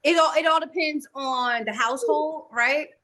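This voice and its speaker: Woman, podcast co-host, casual chat, earnest, thinking aloud, high bright voice. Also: moderate pace.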